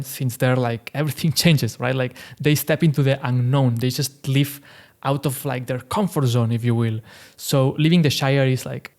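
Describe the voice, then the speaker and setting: A man's voice: mid-range voice, darkish tone. A man hosting a casual commentary, chatty and conversational, often adding "right?" and "like" and laughing lightly. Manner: chatty, fillers like "right?" and "like", laughs now and then. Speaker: host.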